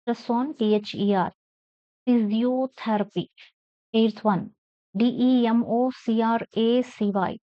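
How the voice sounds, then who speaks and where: A woman with a fairly high voice teaches English, spelling each word out letter by letter and leaning hard on the stressed syllable. Her delivery is slow and deliberate. The recording sounds dry and a little dull. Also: steady tone, clean tone, no echo. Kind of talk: classroom lesson, spelling words out and reading aloud.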